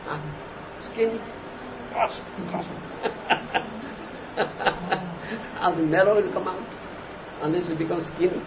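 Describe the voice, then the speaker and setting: High-voiced slow guru prodding listeners. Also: male voice. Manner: repetitive, emphatic, often asks "huh?". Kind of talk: devotional lecture with disciples. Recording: muffled noisy archival recording.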